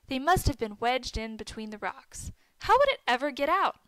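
A woman with a high, bright voice reads a children's story aloud. Her tone is clean and clear, and the recording is dry and close, with no room sound. She lifts her voice for the characters' shouted lines. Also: normal speed, no room sound, poor audio. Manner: reads dialogue with lively lifts for the boys' shouts. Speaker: narrator.

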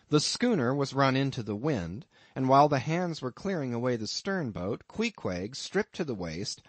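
Brief: male audiobook narrator, measured literary reading, mid-range voice, dead-dry sound. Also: mid-range voice, slightly rough, no echo. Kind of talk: scripted narration of a classic novel.

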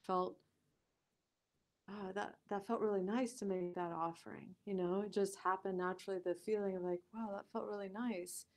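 A woman guest on a podcast, telling a story in a lively conversational way, laughing often and using many fillers like "like" and "you know". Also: medium pitch, moderate pace.

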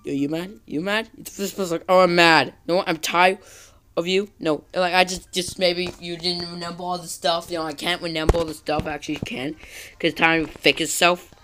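A woman ranting through gameplay commentary, exasperated and rambling, repeating taunting questions with many halting restarts. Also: lowish voice, little pitch movement, a bit bright, a little hiss or hum. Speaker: gaming channel host.

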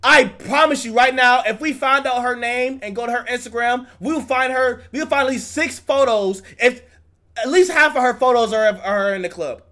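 A man with a very high-pitched voice rants heatedly through a live reaction stream. His talk is profane and worked up, the voice of a streamer who has lost patience. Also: normal speed, sharp tone.

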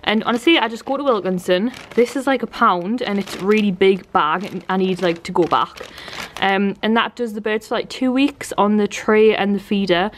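A woman's voice: medium pitch, normal speed, a little hiss or hum. A young woman, talking casually to her camera at home in a rambling, chatty way. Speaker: vlogger. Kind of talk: casual home vlog chat. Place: at home, indoors.

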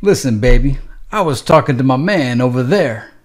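A man's voice: medium pitch, animated, moderate pace, natural voice. A man voicing a groggy, broke ex-convict who argues in street slang. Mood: pleading. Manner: street slang, defensive, cursing. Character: groggy broke ex-con man, quick-tempered.

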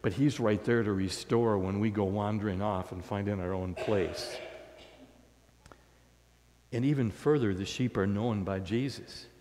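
A man's voice: lowish voice, measured pace, a little mellow, in a large hall. A man preaching a sermon as pastor, in a conversational, storytelling way. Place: church sanctuary.

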